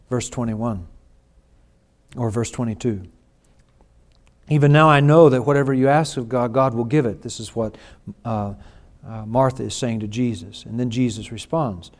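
A man preaching a sermon, reading scripture and swinging from hushed, slow lines to loud, drawn-out emphatic ones. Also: mid-range voice. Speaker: pastor.

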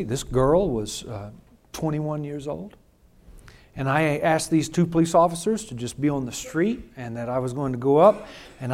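A man's voice: a little high, a little mellow. A male pastor preaching a sermon, telling a personal story in an emphatic, conversational way.

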